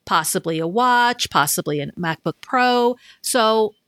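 A woman's voice: mid-range voice, expressive, measured pace, fairly bright tone, dry recording, clean studio sound. A woman hosting a tech podcast in casual chat, upbeat and steering the talk to the next topic. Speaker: podcast host.

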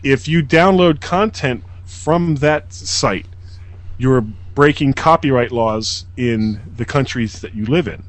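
A man's voice: mid-range voice, takes it slowly, no echo. A man co-hosting a casual tech podcast, arguing his point bluntly. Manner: blunt, argumentative. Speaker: podcast co-host.

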